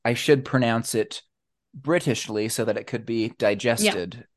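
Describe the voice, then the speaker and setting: A man's voice: mid-range voice, unhurried. A young man guesting on a podcast, talking animatedly with giggles and hesitant ums. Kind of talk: casual chat.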